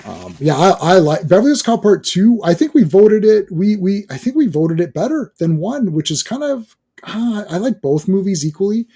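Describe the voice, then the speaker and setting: High-pitched guy with a husky mellow voice, rambling excitedly about movies. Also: normal speed. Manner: excitable, rambling, jumps between topics. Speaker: podcast co-host. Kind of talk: casual chat reviewing a cartoon.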